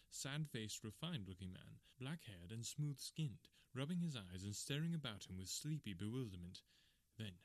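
A man in audiobook narration, reading in a measured storytelling manner. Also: mid-range voice, no room sound.

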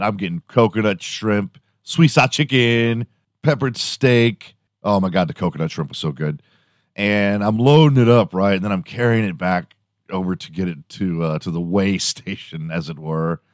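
A man's voice: low voice, normal speed, no echo, studio quality. A man hosting a podcast, telling a rambling comic story with frequent profanity and laughter. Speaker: podcast host. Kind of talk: rambling comedic monologue.

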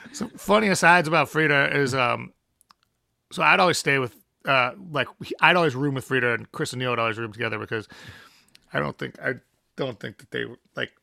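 A man's voice: medium pitch, moderate pace, vocal fry, long pauses, sharp tone, dry recording, clean studio sound. A young adult man, a guest musician, telling a rambling story with lots of fillers and laughs. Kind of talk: casual anecdote telling.

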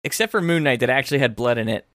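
A man's voice: medium pitch, rapid-fire, a bit bright. A man co-hosting a podcast who chats in an upbeat, talkative way. His voice sits in a middle register and sounds dry and close, with no room echo. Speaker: podcast co-host. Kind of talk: casual chat.

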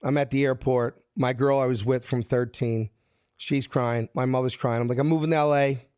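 A middle-aged man from South Philadelphia with a Philadelphia accent, telling his story with lively acted-out quotes. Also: clean tone, no echo, studio quality. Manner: acts out quotes with shifting pitch, lively and fast. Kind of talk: animated storytelling.

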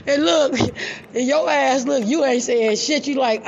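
Woman, high gravelly voice, profane animated storytelling, dull lo-fi sound. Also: slow pace. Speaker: storyteller vlogger. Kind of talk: casual storytelling rant.

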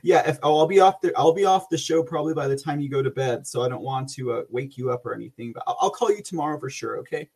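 A man hosts a live show in a loose, rambling way and laughs often between his thoughts. His voice sits a little on the high side. He is recorded on a phone. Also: fast talker, darkish tone, slightly rough. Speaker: host. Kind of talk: casual live-show chat.

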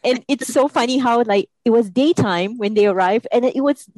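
A woman's voice: on the high side, normal speed, a little mellow, dry recording, rough recording. Casting note: opinionated female co-host, casual chat, dry close recording. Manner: opinionated, quotes people in a mocking tone. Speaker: podcast co-host. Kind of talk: casual chat reviewing a reality show.

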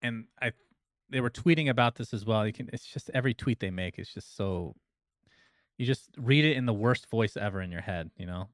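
A man from Arizona talks in a casual stream chat, his voice at an ordinary pitch. The sound is dry and close, and he rambles loosely with jokes mixed in. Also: lively intonation, a little fast, fairly bright tone, dry recording.

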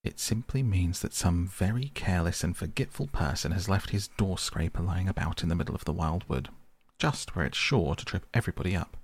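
A man's voice: low voice, brisk, slightly rough, no room sound. A man voicing a fussy, stubborn male mole who grumbles and complains in a petulant way.

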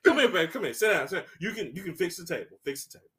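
A man's voice: high voice, sing-song, racing, fairly bright tone, slight background noise. A man voicing a bossy older grandmother ordering people out of her kitchen. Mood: bossy scolding. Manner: scolding, commanding.

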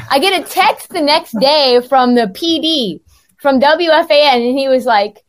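A woman hosting a sports podcast, hoarse from laryngitis, telling stories in a chatty, self-deprecating way. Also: high voice, measured pace. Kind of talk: casual sports talk.

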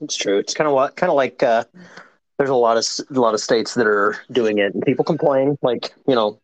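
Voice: medium pitch, fairly quick, no room sound, poor audio. A podcast panelist chatting casually and tossing in joking asides.

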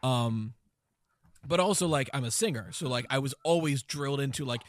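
A man's voice: medium pitch, fairly quick, slight background noise. A man hosting a podcast, explaining things in a loose, rambling casual chat with lots of fillers. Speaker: podcast host.

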